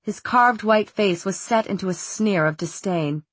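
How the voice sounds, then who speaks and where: A woman narrating a young-adult fantasy novel in a steady, even storytelling manner. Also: medium pitch, a little slow, dry recording. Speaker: audiobook narrator. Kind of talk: scripted narration.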